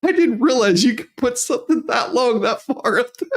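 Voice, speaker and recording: A man putting on a high, scandalized voice for a male official describing what he saw. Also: expressive, moderate pace.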